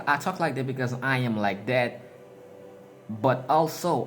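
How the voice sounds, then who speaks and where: A man talking straight at the listener in a loose, freewheeling motivational monologue. His speech is emphatic and crude, heavy with swearing and street slang, and he chuckles at his own phrasing. His voice sits at an ordinary middle pitch. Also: fairly bright tone. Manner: emphatic, profane slang, laughs at himself. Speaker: motivational speaker.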